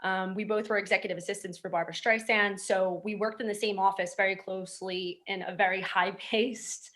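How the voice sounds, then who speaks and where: A woman director speaks in a brisk, matter-of-fact way. Her voice sits at a mid pitch. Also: fairly even intonation, a bit bright. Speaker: film director. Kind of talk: casual interview storytelling.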